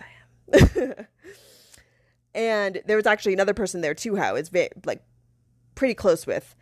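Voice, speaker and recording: A woman's voice: on the low side, no room sound, clean studio sound. A woman hosting a podcast, telling a personal story in a candid, profane, casual way, laughing often. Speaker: podcast host.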